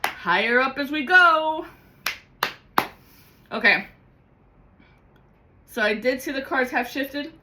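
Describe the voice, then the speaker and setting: A woman giving a rambling, excitable spiritual vlog monologue as a card-reading guide, swearing freely. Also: sits high, slow, long pauses, noisy background.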